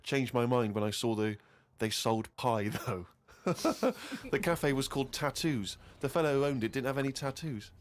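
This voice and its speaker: A man co-hosting a comedy chat, reading a friend's diary aloud in a dry, deadpan way. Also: mid-range voice, normal speed. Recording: noisy studio recording.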